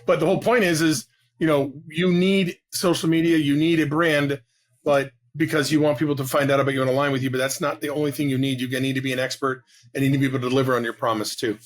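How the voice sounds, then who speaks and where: A man in his fifties, a real estate agent guest telling his story in a casual interview, rapid and animated with many restarts. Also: medium pitch. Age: 50s.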